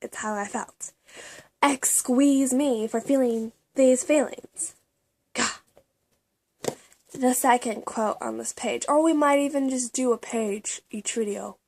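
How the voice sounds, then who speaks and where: A young woman vlogging about her personal journal in a confessional, halting way, with many fillers and restarts. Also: on the high side, darkish tone. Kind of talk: casual personal vlog.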